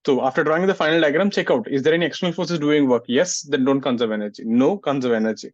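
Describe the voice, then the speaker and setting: A man's voice: a little high, fast, no echo. A male physics teacher, lecturing a class and scolding students who don't listen. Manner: scolds students, asks "getting it?" often. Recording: muffled, dry sound.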